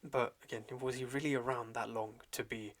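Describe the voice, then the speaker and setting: A young man at a medium pitch talks through a story in casual podcast chat. He is slangy and animated, and full of fillers and quick restarts. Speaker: podcast host reviewing a manga chapter.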